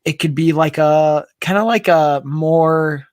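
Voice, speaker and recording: A man's voice: on the high side, takes it slowly, no room sound, studio quality. A man co-hosting a casual livestream chat about fandoms, talking eagerly with many fillers. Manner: animated, enthusiastic, many fillers. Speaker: co-host.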